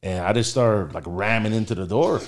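A man's voice: lowish voice, fairly quick, background noise. A man casually telling a story as a guest, rambling and full of filler words.

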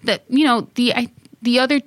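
Animated Miami woman telling stories. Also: a little high, a little fast, no echo. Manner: animated storyteller, acts out quotes. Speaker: podcast guest. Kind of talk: casual chat.

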